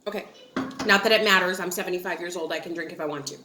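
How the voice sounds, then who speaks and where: A woman's voice: lowish voice, racing, sharp tone, roomy sound, slight background noise. A woman from upstate New York telling a story to her viewers in a chatty, giggly way, acting out quotes and filling with likes and ums. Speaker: vlogger. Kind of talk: casual storytelling to camera.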